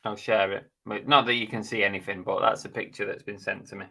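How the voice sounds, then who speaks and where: A man's voice: on the low side, fairly even intonation, fast, vocal fry, pushed and bright. A man hosting a casual live stream, chatting bluntly and jokily while reading out viewer comments.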